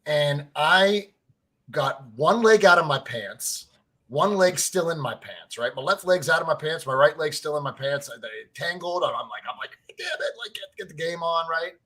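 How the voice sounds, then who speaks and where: A man co-hosting a casual sports podcast, telling stories in an animated way, swearing freely and saying "like" and "right?" a lot. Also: a little high, normal speed. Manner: excitable, fan-to-fan talk addressing listeners as family. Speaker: podcast co-host.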